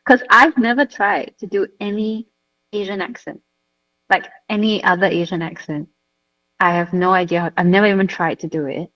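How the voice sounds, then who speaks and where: A woman interviewing an actor, curious and quick to react. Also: fairly low pitch, steady tone, fairly bright tone, no echo, dull audio. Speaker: interviewer in a film. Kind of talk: casual interview.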